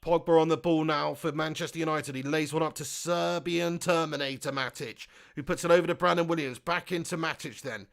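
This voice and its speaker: A man hosting a live football watch-along, reading out chat comments and shouting at the big chances. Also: on the high side, steady tone, brisk, creaky, hardly any pauses.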